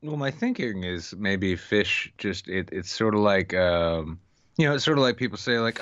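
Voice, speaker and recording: A man from Canada co-hosting a live podcast, riffing sarcastically and swearing, stumbling over his restarts. His voice is lowish and smooth. The dry audio sounds a bit dull and lo-fi. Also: animated, moderate pace, a bit bright, no room sound. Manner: sardonic, profane riffing with stammered restarts. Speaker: podcast co-host. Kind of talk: casual live-stream chat.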